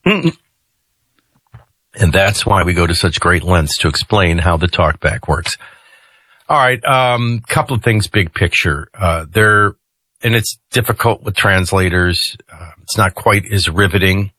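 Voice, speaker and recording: A man's voice: deep voice, unhurried, pushed and bright, no echo. A man hosting a talk radio show, giving conversational commentary with jokey asides into a studio mic.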